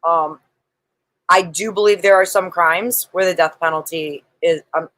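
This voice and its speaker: Woman, lowish voice, firm, quotes scripture, dry close sound. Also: steady tone, a little slow, a bit bright, dry recording, poor audio. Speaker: panelist. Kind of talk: casual religious debate on a livestream.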